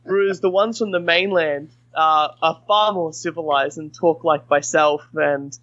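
A man's voice: a little high, fairly even intonation, measured pace, a bit bright, dry recording, highs cut off. A man with an Australian accent chatting as a podcast guest, rambling with frequent restarts. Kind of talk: casual chat.

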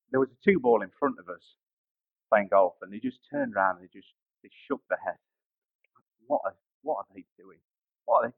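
Gravelly preacher with a lively voice. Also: male voice, medium pitch, dry recording, narrow, tinny audio. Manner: storytelling, building to emphatic rises. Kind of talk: sermon with personal anecdote.

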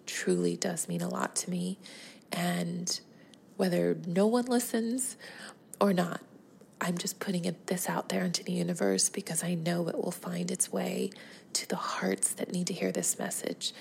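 A woman podcast host closing her show with a heartfelt sign-off, speaking gently and earnestly, often in a soft breathy half-whisper. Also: fairly low pitch, slight background noise.

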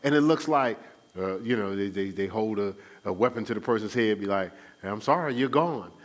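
A pastor with a lowish voice speaks a little fast as he preaches a sermon at his church. His teaching is loose and conversational, and he often asks the congregation to fill in the words, call-and-response style.

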